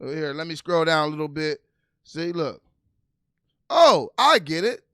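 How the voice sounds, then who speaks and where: A man doing casual, animated livestream commentary, reading news aloud and laughing with his viewers. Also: fairly high pitch, normal speed, no room sound, clean studio sound. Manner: animated, laughing, talks to viewers as "you guys"; reads news aloud while scrolling. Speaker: political commentary vlogger.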